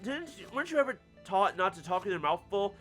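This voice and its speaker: Persistent young defense lawyer, man reading, earnest questions, lively pitch, faint game music. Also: fast talker. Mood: accusing.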